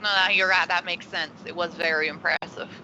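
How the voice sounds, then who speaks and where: Nell, a loud, tipsy adventurer, as a player puts her on, rambling and doubling back in a very bright, sharp voice. This is tabletop game role-play. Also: medium pitch, little pitch movement, fairly quick, muffled recording, slight background noise, voice pushed down. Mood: chatty.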